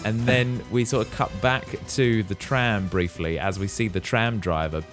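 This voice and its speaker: Guy on a podcast walking through a film scene by scene, lowish voice, bit of music under it. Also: moderate pace. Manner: animated storyteller, recounts scenes step by step. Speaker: podcast co-host. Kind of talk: casual film recap chat.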